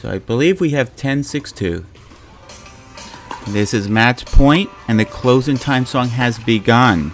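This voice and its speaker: A male commentator talks over game footage in a slow, laid-back way, calling out scores and laughing softly at the players. His pitch sits in an ordinary middle range, and he keeps things light and jokey. Faint music plays quietly in the background. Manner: chuckles often, relaxed joking. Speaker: pickleball commentator.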